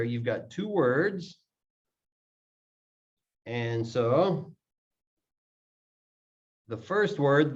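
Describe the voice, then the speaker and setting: A man teaching English pronunciation, explaining step by step and repeating words to show how they link. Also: a little high. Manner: repeats words slowly to demonstrate sounds. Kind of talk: explaining lesson, slow and deliberate. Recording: dull lo-fi audio.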